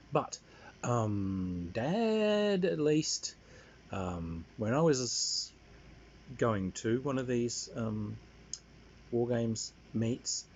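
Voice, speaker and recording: A man's voice: lowish voice, slight background noise. A man telling a rambling, wry family anecdote in a casual way. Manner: rambling, wry, many fillers. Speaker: storyteller. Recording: dull lo-fi sound.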